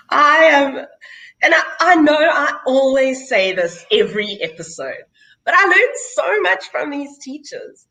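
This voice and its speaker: Slow, bright South African woman host. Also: high-pitched, big pitch swings, poor audio. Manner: chatty, laughs often. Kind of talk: casual chat on a video call.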